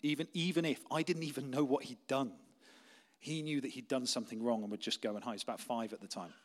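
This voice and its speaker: Young male pastor, mid-pitched, chatty sermon delivery that sinks quiet and intense on key lines. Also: fairly even intonation, fast talker. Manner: conversational, anecdotal preaching, softening to quiet intensity.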